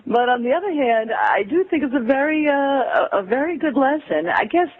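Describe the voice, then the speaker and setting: American woman, interview guest, animated storyteller, phone-line sound. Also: sits high, moderate pace. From United States. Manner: animated storyteller who acts out quotes and laughs. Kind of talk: casual interview conversation.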